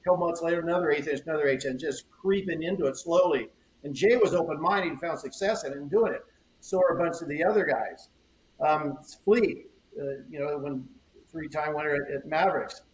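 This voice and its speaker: An older man who shapes surfboards guests on a podcast, telling stories in a rambling interview style. His voice is on the high side and fairly quick; he repeats words and acts out conversations, recorded with roomy echo, faint ambience and slight background noise.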